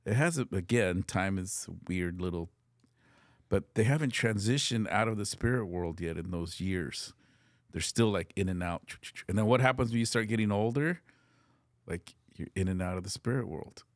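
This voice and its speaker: A man's voice: fairly low pitch, moderate pace, no room sound, clean studio sound. A middle-aged man telling a personal story on a podcast in an earnest, casual way, slipping into Spanish phrases and swearing freely. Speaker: podcast guest.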